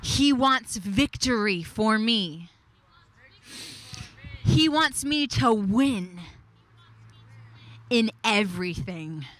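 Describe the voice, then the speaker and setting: A woman preaching a devotional message in an emphatic way, repeating key phrases and slowing down on declarations. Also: a little high, expressive, a bit bright. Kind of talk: devotional sermon.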